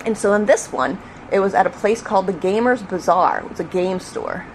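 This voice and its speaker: A middle-aged woman tells an animated story in an interview, her pitch bouncing up and down. She acts out the shouts with real energy. A faint noise sits under the recording. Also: a little fast. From New York State. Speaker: retired police officer telling a story.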